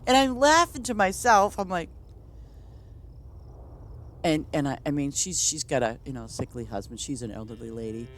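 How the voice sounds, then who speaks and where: A woman's voice: sits low, expressive, normal speed, long pauses, a little hiss or hum. A woman streamer chatting casually while gaming, blunt and rambling, often breaking into laughter.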